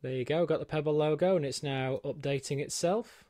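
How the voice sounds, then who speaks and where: A man's voice: fairly high pitch, a little fast, mellow, dry recording. A man giving a chatty, self-deprecating walkthrough of a gadget in his small home studio, with plenty of ums. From United Kingdom. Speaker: tech reviewer. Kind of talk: unboxing and set-up walkthrough.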